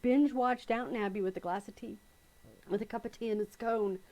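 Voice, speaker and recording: On a casual live stream, a middle-aged woman teaches quilting while telling stories, laughing often and reading out viewer comments. Her medium-pitched voice is a little mellow and fairly quick.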